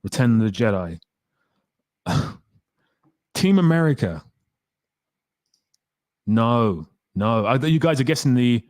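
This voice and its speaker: A man's voice: mid-range voice, very animated, takes it slowly, pauses often, darkish tone, no echo. A man hosting a casual livestream, chatting and reading viewer comments aloud in a rambling way. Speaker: livestream host.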